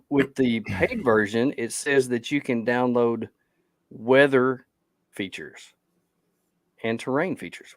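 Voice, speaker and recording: A man's voice: mid-range voice, no room sound, studio quality. A tired man co-hosting a podcast, chatting casually and rambling as he loses his train of thought. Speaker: podcast co-host.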